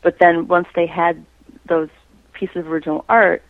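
A woman's voice: fairly low pitch, level tone, moderate pace, no echo, phone-quality sound. A woman being interviewed about her own artwork, chatting casually and breaking into playful impressions. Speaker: creator and artist being interviewed.

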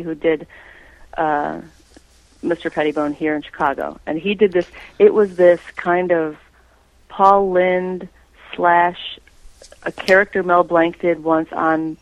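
A woman's voice: on the low side, fairly even intonation, a little slow, no room sound, lo-fi sound. A woman being interviewed about her own artwork, chatting casually and breaking into playful impressions. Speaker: creator and artist being interviewed.

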